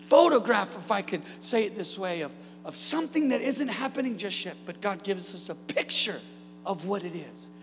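A man preaching a sermon as pastor, energetic with humorous asides and building to shouted peaks. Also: extremely high pitch, creaky, big-room sound, slight background noise. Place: church sanctuary.

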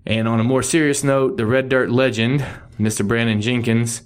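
A man's voice: mid-range voice, fairly even intonation, normal speed, smooth. A middle-aged man hosting a casual music news show, rambling and correcting himself with joking asides. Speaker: podcast host.

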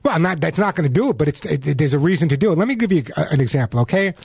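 A man's voice: a little high, expressive, rapid-fire, vocal fry, darkish tone, husky. A man hosting a call-in radio pet show, chatty and emphatic, often repeating words as he gives advice. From New York.

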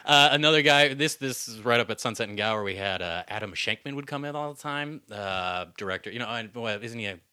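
A man's voice: mid-range voice, fairly quick, hardly any pauses, smooth, no room sound, studio quality. A man telling funny stories in a casual podcast chat, laughing often and acting out what people said. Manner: animated, laughs often, acts out quotes.

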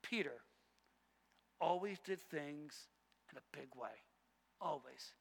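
A male pastor preaching a sermon, emphatic and repetitive, swinging between loud passages and hushed ones. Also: on the high side, expressive, slow pace, gravelly, slightly rough, in a large hall.

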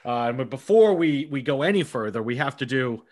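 A man's voice: medium pitch, animated, fairly quick, a little mellow. A man with a Boston accent hosting a casual podcast chat, a little drunk and joking as he talks. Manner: joking, hype-man introductions. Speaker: podcast host.

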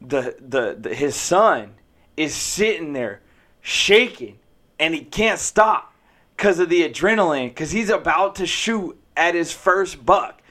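A man with a high, lively voice whose pitch swings widely. He chats casually, agreeing and chiming in often. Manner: agreeable, chiming in with quick affirmations. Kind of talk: casual chat.

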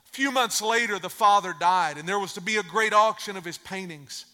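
A man's voice: sits high, brisk, sharp tone. A man preaching a sermon, telling a story and stressing his points through repetition. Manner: emphatic, repeats phrases for effect. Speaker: pastor. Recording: long reverb of a large hall.

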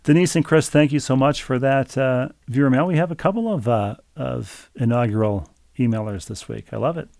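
A man with a gravelly, fry-edged voice co-hosts a chatty podcast. He reads listener mail aloud with dry humor and stumbles over repeated words. His voice sounds close and dry. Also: medium pitch, fairly quick, hardly any pauses, a little mellow, no room sound. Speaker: podcast co-host. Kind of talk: casual chat, reading listener mail.

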